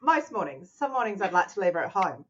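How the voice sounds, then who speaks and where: A middle-aged woman with an Australian accent, a charity chief, chatting warmly as an interview guest over a video call. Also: medium pitch, big pitch swings, fast, breathy edge, muffled recording. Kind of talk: casual interview.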